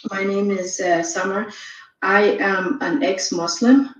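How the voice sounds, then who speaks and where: A woman from Saudi Arabia calling in to a live stream, speaking hesitantly with many pauses and restarts. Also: mid-range voice, fairly even intonation. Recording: distant, dull, echoey remote call.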